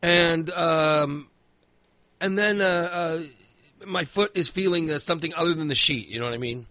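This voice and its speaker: A man's voice: on the high side, normal speed, sharp tone, dry recording. A man rambling through a long personal story in casual chat, swearing freely and filling in with lots of asides.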